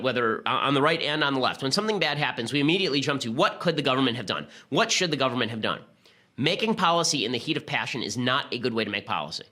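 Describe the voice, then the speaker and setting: Brief: male podcast host, fast argumentative political commentary, bright edge. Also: medium pitch. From United States. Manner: rapid-fire argumentative delivery.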